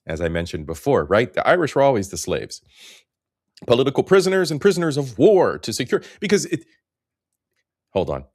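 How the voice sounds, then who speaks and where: A man's voice: on the low side, no echo, clean studio sound. A man hosting a casual late-night livestream, greeting viewers by name and chatting in a laid-back way. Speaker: host. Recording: music playing behind.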